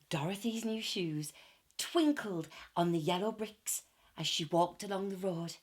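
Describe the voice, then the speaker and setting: A woman reading a children's story aloud in an expressive, animated way. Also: lowish voice, unhurried, breathy edge.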